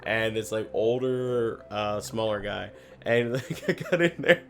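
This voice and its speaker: A man's voice: on the low side, expressive, unhurried. A man rambling through a casual story while playing a game, with constant "like" fillers and plenty of swearing. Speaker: gaming video host.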